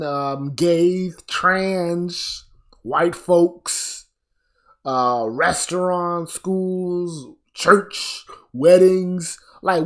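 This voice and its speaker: A man delivering a blunt, profane commentary rant, sounding exasperated and weary. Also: high voice. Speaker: commentary vlogger.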